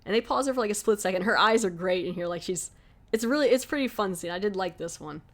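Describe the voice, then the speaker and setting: Speaking fast and animated in a medium pitch, a woman hosting a podcast recaps a horror film's story in a loose, rambling review, peppered with "like."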